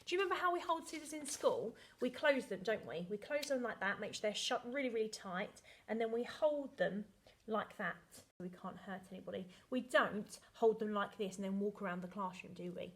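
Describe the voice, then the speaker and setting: A woman, a primary school teacher recording a lesson video for young children, talking in a cheerful, sing-song, slow way. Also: medium pitch, a bit bright. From England.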